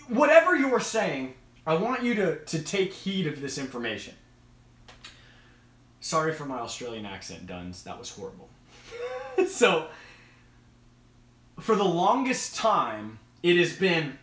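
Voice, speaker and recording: Bright-voiced, eager man streaming live. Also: fairly high pitch, very animated, unhurried, echoey room. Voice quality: enthusiastic, rambling. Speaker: host of an aquarium live stream. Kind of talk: casual live-stream chat.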